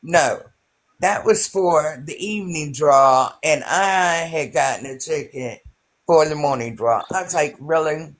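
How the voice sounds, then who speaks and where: A woman's voice: deep voice, measured pace. A middle-aged woman telling a story in casual chat, rambling with many fillers.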